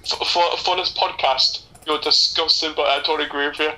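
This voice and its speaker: Jokey man, bright voice. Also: a little high, fairly even intonation, brisk, low-quality recording. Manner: jokey and nostalgic, slips into silly impressions. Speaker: podcast co-host. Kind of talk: casual film commentary chat.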